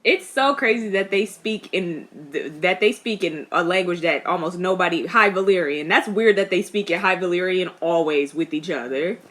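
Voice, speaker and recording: Bright-voiced young woman reacting on camera. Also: lowish voice, normal speed, hardly any pauses. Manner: chatty, talks back at the screen; expressive, laughs often. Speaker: reaction vlogger. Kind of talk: casual reaction commentary.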